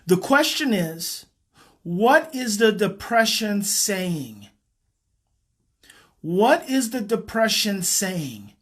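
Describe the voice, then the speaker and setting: A man, a parenting educator, leading a guided emotional exercise in a slow, repetitive coaching cadence. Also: high-pitched, big pitch swings, a bit bright.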